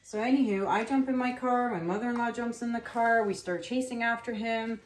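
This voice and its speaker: A woman's voice: on the high side, steady tone, fairly quick. A woman in her thirties, chatting casually and rambling with fillers as she paints and tells a story. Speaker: acrylic pour artist. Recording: echoey room.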